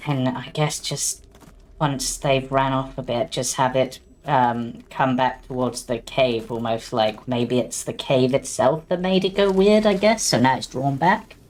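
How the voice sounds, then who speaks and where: Deep-voiced woman player, hesitant and musing. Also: fairly even intonation, measured pace, darkish tone. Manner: hesitant, thinking aloud with fillers. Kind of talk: casual tabletop play.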